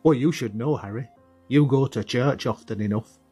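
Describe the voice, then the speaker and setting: A man's voice: medium pitch, moderate pace, warm tone, husky, soft background music, lightly acted. Swaggering lad, teasing and mocking, voiced by a male narrator in a storybook. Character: cocky teasing young boy.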